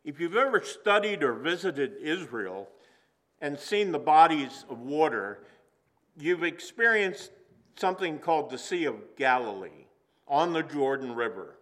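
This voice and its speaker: A man preaching a sermon to a congregation in a church, earnest and slowing down for emphasis. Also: fairly high pitch, big pitch swings, a bit bright. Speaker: pastor. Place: church sanctuary.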